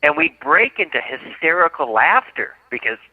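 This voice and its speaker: A man's voice: fairly high pitch, very animated, normal speed, slightly rough, no echo. A man telling a story as a radio guest, vividly acting out the quotes. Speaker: guest author. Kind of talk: animated storytelling. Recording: dry, phone-like line.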